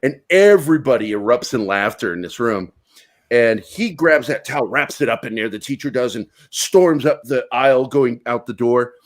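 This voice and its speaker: A man co-hosting a podcast, telling a crude high-school story in a profane, animated way. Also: moderate pace. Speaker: podcast co-host. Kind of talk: casual storytelling chat.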